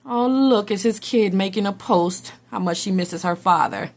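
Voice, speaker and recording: A woman giving a casual tarot reading in an unhurried, drawn-out way. She is blunt and dramatic and swears freely, at a middling pitch. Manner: dramatic, blunt and profane, slipping into mock voices. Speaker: tarot reader.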